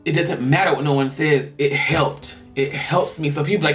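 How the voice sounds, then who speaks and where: Man vlogger, earnest and rambling, raised pitch, mic set back, faint music underneath. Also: normal speed, fairly bright tone, recorded from a distance. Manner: earnest, rambling, sighs between thoughts. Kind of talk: heartfelt personal monologue.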